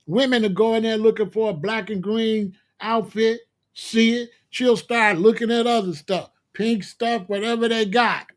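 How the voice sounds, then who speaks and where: High-voiced man on a profane comic rant. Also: fairly even intonation, unhurried. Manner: loud, profane, mocking; slangy streetwise talk. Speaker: commentary host. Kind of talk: comedic rant.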